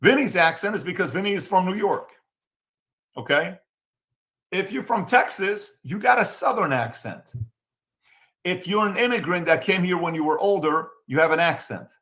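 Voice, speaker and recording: A man's voice: high voice, animated, moderate pace, fairly bright tone. A man from the Middle East with a Middle Eastern accent, hosting a casual political talk show and repeating his points emphatically. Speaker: show host.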